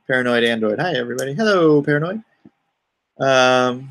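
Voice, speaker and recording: A middle-aged man talks loosely through a live stream, with a gravelly, creaky edge to his voice. He rambles between topics and reads out his viewers' comments before replying to them. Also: medium pitch, lively intonation, fairly quick. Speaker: comic artist hosting a live stream. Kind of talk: casual live-stream chat.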